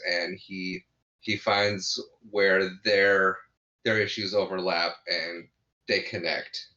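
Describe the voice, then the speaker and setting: A man with a low voice that is bright and forceful, recapping a comedy film in a relaxed chat. He retells the scenes with lots of restarts. The recording is dull and lo-fi. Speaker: podcast co-host. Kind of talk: casual movie review chat.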